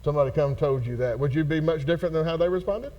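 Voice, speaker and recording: A pastor with a drawl teaches a church Bible study in a folksy, lively way, acting out the people in the story. His voice sits high for a man and keeps jumping up and down. It sounds like a church hall. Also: fast, muffled recording. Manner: folksy, animated, acts out characters.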